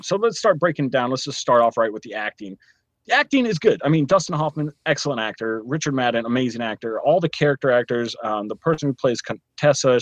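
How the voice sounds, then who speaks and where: Man, casual podcast reviewer, rambly with many fillers, animated pitch, dry close sound. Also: no echo. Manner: rambling, lots of fillers and restarts. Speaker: podcast co-host reviewing a show.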